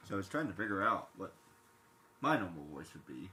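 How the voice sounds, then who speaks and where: A man streaming live, chatting casually and rambling with lots of fillers as he talks fast. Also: low-pitched, big pitch swings, sharp tone, slight background noise. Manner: rambling, filler-heavy, self-reflective; quick-talking. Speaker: livestreamer. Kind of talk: casual live-stream chat while gaming.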